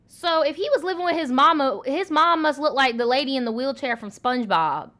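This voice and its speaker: A woman's voice: high-pitched, brisk, few pauses, pushed and bright. A woman in her twenties reading viewer stories aloud and reacting to them in a blunt, profane, slangy way. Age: 20s. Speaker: host.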